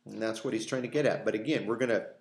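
A man's voice: on the low side, quick pace, creaky. A man leading a conversational Bible study in a church meeting room, folksy in manner, posing rhetorical questions and acting out quoted dialogue for a small group. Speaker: Bible teacher. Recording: echoey room.

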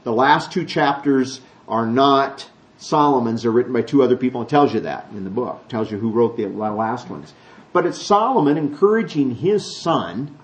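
A man preaching a conversational sermon to a congregation, asking questions and acting out the voices he quotes. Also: a little high. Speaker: pastor. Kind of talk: sermon teaching. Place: church with a congregation.

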